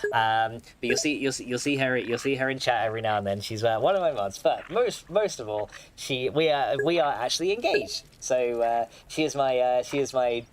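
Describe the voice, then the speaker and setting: A man's voice: mid-range voice, a little fast, few pauses, slight background noise. Chatty male game streamer. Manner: chatty, reads chat aloud with frequent restarts and fillers; laughs often. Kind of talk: casual livestream chat. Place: home room.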